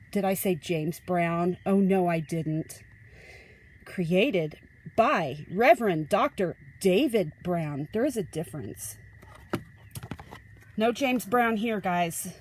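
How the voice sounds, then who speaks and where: A woman from the Ozarks, reviewing a tarot deck in a rambling, chatty way, often cutting herself off and gushing with excitement. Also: fairly low pitch. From Ozarks, United States. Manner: chatty, rambling, self-interrupting; gushing exclamations. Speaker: tarot reader.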